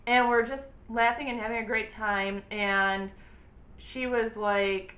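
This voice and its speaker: A woman in her twenties, a vlogger, telling a personal story to camera in a candid, animated, blunt way. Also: fairly high pitch, slow pace, lo-fi sound.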